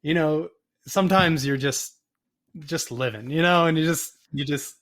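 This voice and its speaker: A man guest telling a rambling, animated story in a casual interview, often acting out the voices of people he quotes. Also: a little high, a little slow. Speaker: photographer and podcast guest.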